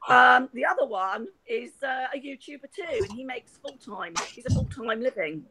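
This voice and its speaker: A woman's voice: a little high, animated, normal speed, background noise. A middle-aged woman from Hampshire with a posh southern English accent. She chats on a video call in a rambling way, laughs a lot and swears freely. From Hampshire, England. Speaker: guest. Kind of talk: casual live-chat conversation.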